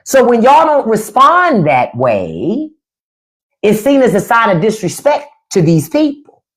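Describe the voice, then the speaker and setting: A woman's voice: a little high, wildly swooping pitch, measured pace. A woman hosting a livestream, ranting bluntly and mockingly with plenty of profanity. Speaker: livestream host. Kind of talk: casual livestream rant.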